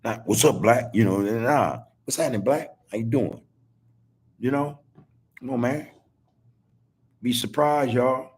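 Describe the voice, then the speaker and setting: A man's voice: medium pitch, measured pace, pauses often, darkish tone, husky. A middle-aged man hosting a podcast over a video call, talking in a loose, repetitive street style and saying "man" constantly. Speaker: podcast host. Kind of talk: casual heartfelt talk on a video call.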